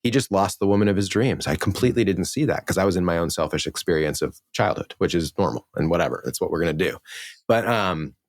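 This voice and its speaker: A man's voice: sits low, fast talker, no room sound, clean studio sound. A man from New Orleans, a relationship coach, talking earnestly and emphatically as a podcast guest, swearing freely. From New Orleans, Louisiana. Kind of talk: podcast interview.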